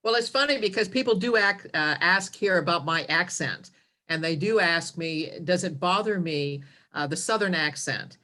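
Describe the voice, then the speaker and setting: A woman's voice: fairly low pitch, expressive, moderate pace, sharp tone. A woman in her sixties from California, co-hosting a casual chat in an effusive, chatty way. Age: 60s. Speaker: co-host.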